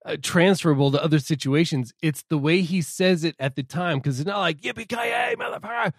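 A man co-hosting a podcast in casual chat, laid-back and explanatory, trailing off low and quiet. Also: steady tone, a little fast, dry recording, studio quality. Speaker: podcast co-host.

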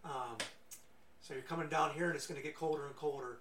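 Rambling game master. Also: male voice, on the high side, steady tone, quick pace, a bit bright. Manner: rambling with fillers and restarts. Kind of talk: narrating a tabletop game. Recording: echoey room from far off with faint noise.

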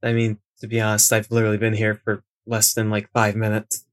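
A man's voice: on the low side, completely flat delivery, no echo. A man playing his character in a tabletop game, speaking hesitantly with many restarts. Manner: hesitant, halting, often restarts. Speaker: player. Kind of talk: tabletop role-play.

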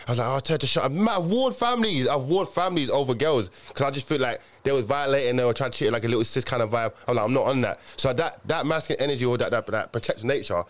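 A young man in casual group chat, talking quickly with lots of slang and restarts. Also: medium pitch, lively intonation.

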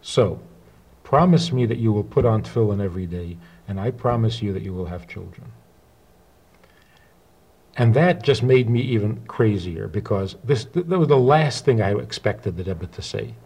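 A man telling a personal story, acting out the dialogue with halting restarts. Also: fairly low pitch, creaky, slightly rough. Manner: animated retelling with quoted dialogue. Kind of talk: spoken anecdote.

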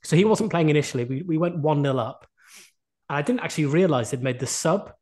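A man's voice: on the high side, animated, a little fast, darkish tone. A young man from the UK co-hosting a podcast, telling a rambling, self-deprecating story and laughing often. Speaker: podcast co-host. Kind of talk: casual chat.

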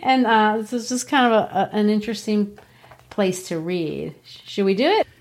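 A woman co-hosting a casual book discussion, chatty and animated, often laughing. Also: mid-range voice, normal speed. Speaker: book podcast co-host.

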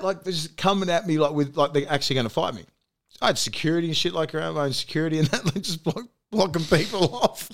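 This Australian podcast host speaks on the high side and fairly quickly. Chatting casually in a studio, he spins a lively story, laughing often and cursing freely.

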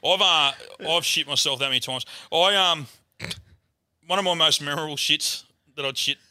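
A young Australian man, a guest comedian, telling a loud, animated story full of swearing and acted-out voices. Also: a little high, moderate pace.

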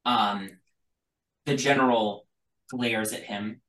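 Slow, hesitant man narrating as game master. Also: on the low side, pushed and bright. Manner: hesitant, many fillers. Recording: roomy, from a distant mic.

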